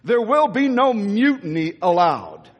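Animated preacher in an echoey hall. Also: male voice, sits high, lo-fi sound. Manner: emphatic, repeats key lines, swings from slow stressed phrases to quick asides. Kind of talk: sermon.

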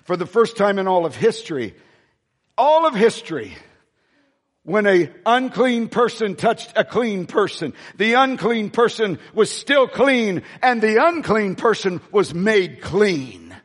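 A male pastor preaching a sermon in a large church, with emphatic peaks and quieter asides. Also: sits high, big pitch swings, a little slow, breathy edge. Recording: long church hall reverb.

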